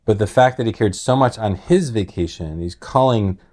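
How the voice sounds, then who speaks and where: A man's voice: fairly low pitch, moderate pace, a little mellow. A middle-aged man telling a personal story in casual, earnest talk, rambling with many restarts and filler words.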